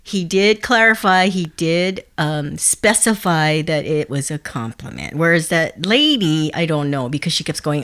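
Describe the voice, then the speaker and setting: A woman's voice: low-pitched, animated, unhurried, hardly any pauses, a bit bright. A woman co-hosting a podcast, telling stories in casual chat and chuckling as she talks. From United States. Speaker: podcast co-host.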